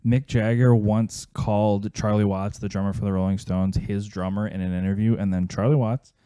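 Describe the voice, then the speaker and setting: Guest spot: a low, very dark-voiced man with a rambling, swearing storyteller's chat, dry sound. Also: steady tone, normal speed, clean tone, no room sound. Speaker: podcast guest, guitar player. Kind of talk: casual chat.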